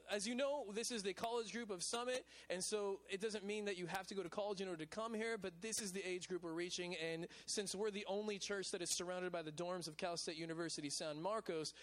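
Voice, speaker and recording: A male pastor of a college ministry, preaching a lively sermon in a casual, chatty way at a church service. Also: sits high. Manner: casual and chatty, with repeated "man" and "you know what I'm saying".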